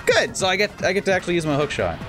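A man narrating his playthrough in a casual, joking voice whose pitch swings widely as he reacts. He wanders into rambling asides and then bursts out in excitement. Faint game music plays underneath. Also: rapid-fire. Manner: jokey, rambling asides and sudden excited outbursts. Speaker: let's play host. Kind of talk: casual gameplay commentary.

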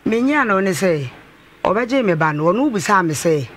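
A woman's voice: mid-range voice, animated, fairly quick. A Ghanaian woman calling in to a radio talk show, insistent and repeating her points. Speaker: caller, mother demanding compensation.

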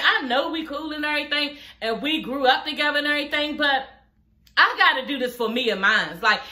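A woman's voice: sits high, bright, forceful tone, reverberant, slight background noise. A young woman, blunt and profane, recapping a reality show in a casual, sassy chat. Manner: sassy, blunt and profane, laughing through the retelling.

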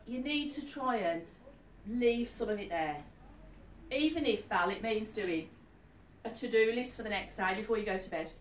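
A woman's voice: medium pitch, normal speed. Chatty woman medium, echoey hall. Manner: chatty, keeps asking "are you with me?". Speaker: psychic medium. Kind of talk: live reading to an audience. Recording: echoey room, distant mic, faint noise.

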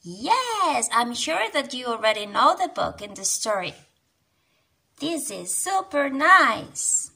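A young woman reading a children's storybook aloud, animated, with gasps and sudden whispers. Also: high-pitched, slow pace, creaky, slightly rough. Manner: animated, gasping, dropping to whispers.

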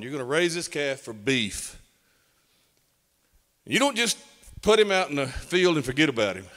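A pastor preaching with a bright, lively voice that climbs and drops across a wide range. His folksy, emphatic delivery carries a long reverb through the church. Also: medium pitch. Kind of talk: sermon. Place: church sanctuary.

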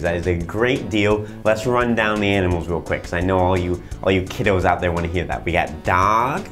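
A man's voice: deep voice, fairly quick, hardly any pauses, a bit bright, soft background music. A man hosting a comedic infomercial, rambling through his sales patter with fillers and restarts. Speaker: infomercial host.

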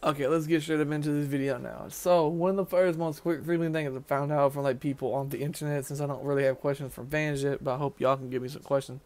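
A man's voice: a little high, steady tone, a little mellow. A young man from Tennessee, talking casually to camera outdoors in a rambling vlog style. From Nashville, Tennessee. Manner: rambling, quick, with fillers and restarts. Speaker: vlogger, haunted house actor.

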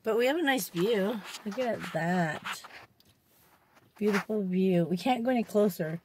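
A woman's voice: medium pitch, expressive, measured pace, noisy background. Upbeat mom vlogger, chatty and playful, talking from her parked car. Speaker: vlogger and mother. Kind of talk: casual family vlog chat.

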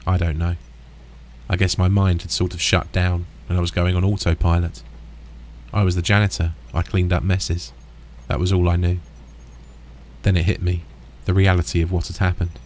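A man narrating a first-person horror story in a steady, understated, deadpan way. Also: low-pitched, moderate pace, a little hiss or hum.

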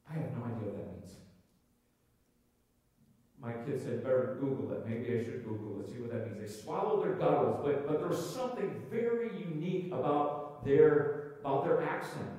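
A man preaching a sermon as pastor, conversational, with frequent restarts, sometimes raising his voice to act out a crowd. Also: dark tone. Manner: acts out crowd voices with raised pitch. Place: church sanctuary. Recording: echoey hall, from far off.

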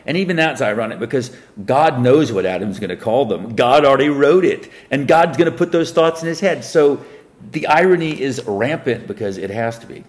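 A man, a self-styled preacher, reading Bible verses aloud and breaking off into rambling commentary, swinging between loud emphatic reading and quiet muttered remarks. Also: mid-range voice, lively intonation, moderate pace. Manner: reads scripture aloud, then breaks off into rambling asides.

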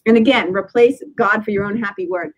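A woman's voice: medium pitch, fairly quick, poor audio. A woman in her fifties, a spiritual teacher speaking as a guest in a podcast interview, earnest and reflective, often laughing and restarting phrases. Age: 50s.

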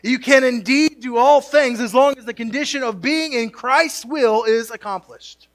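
High, bright-voiced pastor preaching. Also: male voice, moderate pace. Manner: jokey asides, builds to emphatic peaks. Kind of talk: sermon. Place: church sanctuary.

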